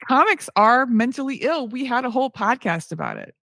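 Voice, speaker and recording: A woman's voice: fairly high pitch, sing-song, fairly quick, vocal fry, bright, forceful tone, no room sound, studio quality. A woman co-hosting a podcast in casual chat, telling stories and acting out what people said. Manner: storytelling, acts out quoted people. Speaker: podcast co-host.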